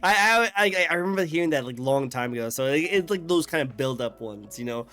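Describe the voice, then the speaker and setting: A man's voice: fairly high pitch, lively intonation, fast talker, music in the background. A man hosting a casual interview, telling a silly playground joke with many hesitations. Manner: hesitant, many fillers and restarts. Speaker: host.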